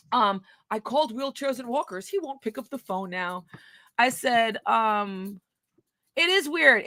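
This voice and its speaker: A woman giving crude, mocking commentary while reading text messages aloud, swinging between hushed asides and loud outbursts. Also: sits high, no room sound.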